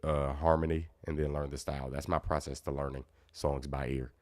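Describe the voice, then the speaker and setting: A man's voice: very deep voice, level tone, fairly quick, darkish tone, no room sound, clean studio sound. A man teaching guitar in a casual live Q&A, chatting easily and reading out viewer comments.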